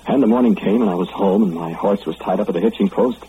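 An actor playing a remorseful young lawmaker who narrates his lovesick memories in a measured, solemn old radio drama. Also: low-pitched, dark tone, natural voice. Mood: wistful. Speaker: narrator and lead character. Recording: phone-like old radio recording, faint hiss.

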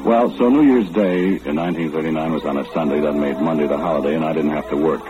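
An actor in an old-time radio drama playing an easygoing working man who tells his story in a folksy, relaxed way. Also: rumbling low, fast talker, music in the background. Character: easygoing middle-aged working man narrating his tale. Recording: dull lo-fi old radio recording with hiss.

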